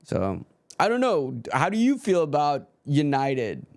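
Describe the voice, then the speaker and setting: A man's voice: fairly high pitch, wildly swooping pitch, measured pace. A man streaming live, chatting casually about football with his viewers while he codes. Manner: rambling, talks to chat while coding.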